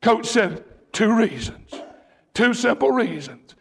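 A male preacher delivering a sermon, shouting in bursts as he tells a story. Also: very high-pitched, expressive, slow pace, creaky.

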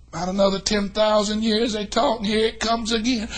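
Fiery older preacher, high bright voice. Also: male voice, fairly even intonation, normal speed, few pauses, a little hiss or hum. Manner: swings from hushed to shouting, folksy storytelling. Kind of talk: revival sermon.

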